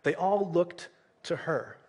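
A man's voice: high voice, slow, darkish tone, husky. A man preaching a sermon, retelling a Bible story in a casual way and often checking in with "right?" and "okay?".

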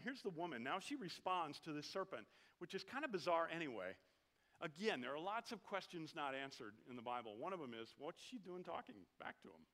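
A man's voice: on the high side, expressive, a little fast, bright, forceful tone. A middle-aged man preaching a sermon in a conversational, joking way, often asking his listeners questions. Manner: conversational, jokey, asks the congregation questions. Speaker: pastor.

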